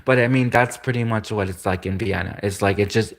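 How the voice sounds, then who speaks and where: Man, livestream host, lower voice; loose rambling monologue with frequent chuckles and restarts. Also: a little fast. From Canada. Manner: chuckles often, stumbles and restarts.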